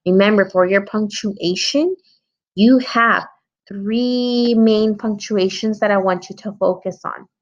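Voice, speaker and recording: A woman teacher speaking slowly in a medium pitch runs an early-grade writing lesson for young children. While editing her story, she patiently thinks aloud, and the recording has a somewhat dull lo-fi sound.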